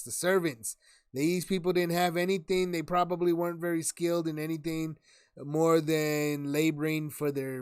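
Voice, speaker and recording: A man's voice: fairly high pitch, clear, resonant tone, no echo, clean studio sound. A man leading a casual Bible study, rambling with many fillers and restarts and reading scripture aloud.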